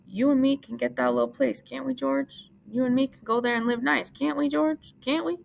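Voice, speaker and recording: A woman voicing an old one-handed ranch hand, pleading and bitter, her voice climbing high when upset. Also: fairly even intonation, moderate pace, gravelly, slight background noise.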